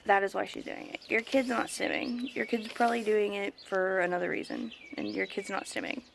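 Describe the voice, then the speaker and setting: A woman's voice: medium pitch, a little fast, creaky, noisy background. A young woman venting in a casual vlog about remarks made to her as an autism parent, emphatic and exasperated, sometimes mimicking other people.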